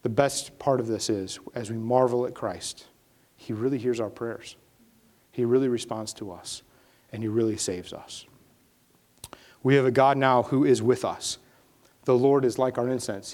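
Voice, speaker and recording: A man delivers a church sermon in a middle-pitched voice. He drops to hushed, prayerful tones, then builds to loud, emphatic peaks. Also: normal speed. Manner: swings from hushed prayerful lines to rising, emphatic preaching. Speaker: pastor.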